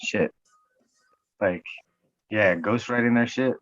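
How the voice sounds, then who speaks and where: A man from the US West Coast talking in a quick, profane, casual chat, a little away from the mic. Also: medium pitch, fairly bright tone, no echo, muffled recording.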